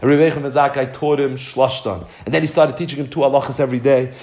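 A man teaching as a rabbi, telling a Torah story with mounting passion and many Hebrew terms, his voice climbing high at the peaks. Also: rapid-fire. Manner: builds to excited high-pitched emphasis, peppered with Hebrew terms. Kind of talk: impassioned Torah storytelling lesson.

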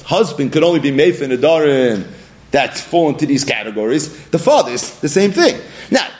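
A man teaching a daily Talmud lesson, explaining lively and mixing in study terms from Hebrew and Yiddish. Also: a little high.

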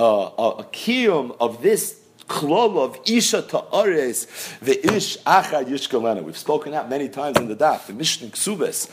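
A man giving a Talmud lesson, explaining the text with emphatic questions and answers. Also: fairly high pitch. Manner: lively, emphatic teaching with rhetorical questions. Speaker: Talmud teacher. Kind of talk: daf yomi Talmud lecture.

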